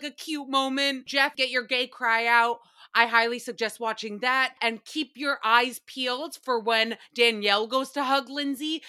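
A young woman with a bright, slightly high voice hosts a casual recap chat. She talks in an animated, sarcastic way and swears freely. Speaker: podcast host recapping reality TV.

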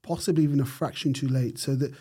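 A middle-aged man from the United Kingdom, a neurosurgeon guest telling his story in an interview with thoughtful pauses and frequent restarts. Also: medium pitch, fairly even intonation, warm tone, husky.

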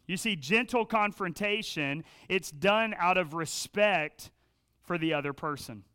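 A man's voice: high-pitched, sharp tone, clear, resonant tone. A man preaching a sermon as pastor to his congregation, earnest and emphatic, with frequent restarts and direct questions to the listeners. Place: church.

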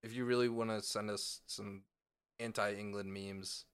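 A man's voice: on the low side, level tone, measured pace, fairly bright tone, clear, resonant tone. A man co-hosting a podcast in casual chat, laid-back and jokey, swearing freely. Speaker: podcast co-host.

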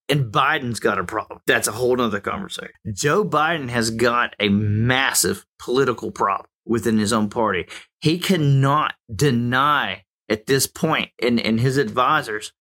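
A man's voice: mid-range voice, moderate pace, pushed and bright. A man in his forties from the United States, giving an emphatic, opinionated monologue that rises to heated outbursts. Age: 40s.

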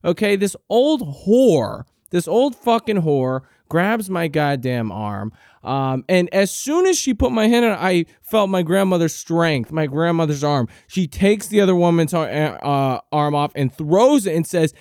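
A man hosting a podcast, telling a comic story in a profane, rambling monologue with deadpan exaggeration. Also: a little high, moderate pace, gravelly, hardly any pauses, clear, resonant tone, no echo, clean studio sound. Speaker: podcast host.

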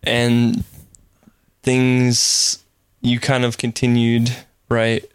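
A man's voice: mid-range voice, monotone, drawn-out words, clean tone, no room sound, clean studio sound. A man hosting a podcast, reacting and asking short follow-up questions. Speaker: podcast host. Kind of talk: casual chat.

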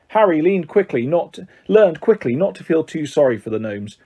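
A man reading a children's story aloud as narrator, in an expressive, animated way. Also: on the high side, normal speed, breathy edge, lo-fi sound. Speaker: audiobook narrator. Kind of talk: scripted narration.

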